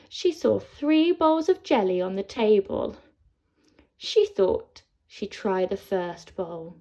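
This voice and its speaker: Casting: woman teacher, storyteller for kids, slow and very lively in pitch, lo-fi audio. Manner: expressive, slow, sing-song reading. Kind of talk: storytelling for children. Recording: dull lo-fi sound.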